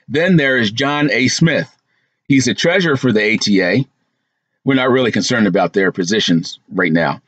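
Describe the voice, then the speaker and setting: A man's voice: mid-range voice, no room sound. A man hosting a trucking channel, talking casually through a list from his notes with asides and fillers. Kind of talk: casual commentary vlog.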